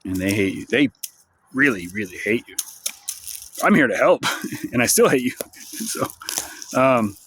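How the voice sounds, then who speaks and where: Male vlogger, rambling and sardonic, swears freely, mid-pitched voice. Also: lively intonation, unhurried, long pauses, a bit bright, a little hiss or hum. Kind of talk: rambling monologue vlog. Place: outdoors in the sunshine.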